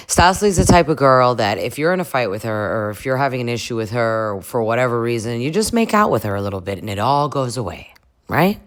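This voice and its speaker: A woman giving comedic reaction commentary on a reality show, chatty, with crude jokes and frequent laughs. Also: rumbling low. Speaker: commentary vlogger.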